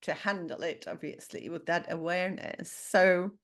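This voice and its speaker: A woman's voice: fairly low pitch, fairly even intonation, moderate pace, fairly bright tone. A woman hosting an interview podcast in casual chat, who laughs often and restarts her phrases. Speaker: podcast host.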